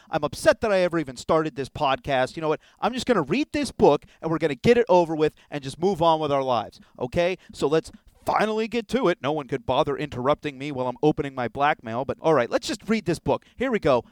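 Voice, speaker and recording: Exasperated podcast host, lively voice. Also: male voice, fairly high pitch, fast talker, few pauses, no room sound. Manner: exasperated, theatrical outbursts. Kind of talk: comedic sketch.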